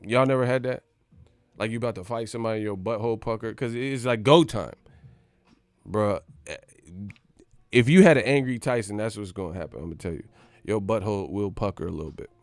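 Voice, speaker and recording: A man hosting a boxing channel, giving brash, animated commentary full of swearing. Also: on the low side, a little fast, dry recording. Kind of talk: casual profane commentary.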